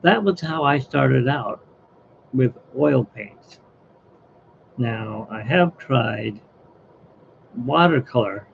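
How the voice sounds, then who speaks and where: A man's voice: medium pitch, animated, extremely slow, gravelly, long pauses, highs cut off, slight background noise. A man who hosts an art livestream, chatting in a rambling, opinionated way. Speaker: artist, livestream host. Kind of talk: casual livestream chat.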